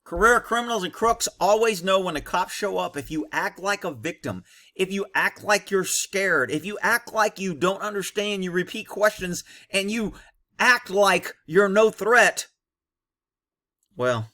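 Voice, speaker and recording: Blunt, cynical ex-cop man, bright voice. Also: sits high, lively intonation, measured pace. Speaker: former police officer commentator. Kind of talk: commentary over bodycam footage.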